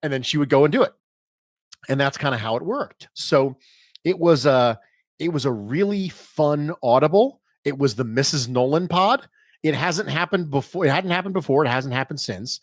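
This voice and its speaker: Animated male podcast guest, slightly higher voice. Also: moderate pace, dry recording, studio quality. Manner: animated storyteller, emphatic repetition. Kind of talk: casual podcast interview.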